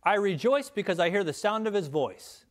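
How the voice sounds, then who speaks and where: A man's voice: high-pitched, animated, normal speed. A middle-aged man preaching a sermon as pastor, earnest, reading scripture aloud and rising in voice on key lines.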